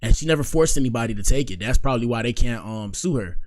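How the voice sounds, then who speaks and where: A man's voice: mid-range voice, animated, fast talker. A man hosting a casual reaction stream, rambling and slangy, repeating himself as he jokes and comments. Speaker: streamer host.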